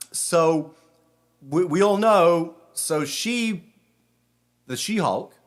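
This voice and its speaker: A man from Britain, a rabbi, giving a casual spiritual talk in a rambling, conversational way full of restarts. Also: fairly low pitch.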